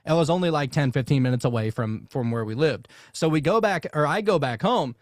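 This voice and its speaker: Animated man telling a story, dry close sound. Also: fairly high pitch, a little fast, no echo. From Louisiana. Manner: animated, swears freely, many fillers. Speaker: podcast guest. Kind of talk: casual storytelling.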